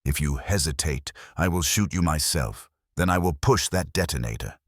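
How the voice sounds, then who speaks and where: Cold menacing colonel, read by a man in a very deep, dry voice. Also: expressive, moderate pace, dry recording. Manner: cold, clipped, threatening. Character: stern cold male German colonel.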